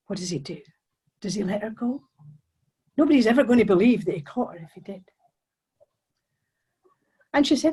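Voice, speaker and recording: A woman, performing a folk tale as a storyteller, with animated, suspenseful, chatty asides to the audience. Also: mid-range voice, moderate pace, long pauses, slightly rough, rough recording.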